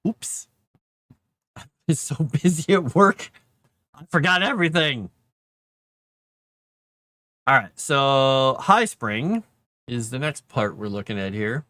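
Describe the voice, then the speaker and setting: A man talks casually to his stream while writing, often trailing off mid-thought. His voice is bright and forward. It is recorded dry and close, with no room sound. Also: medium pitch, animated, takes it slowly, long pauses, no room sound. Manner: chatty, trails off mid-sentence. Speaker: author on a live writing stream.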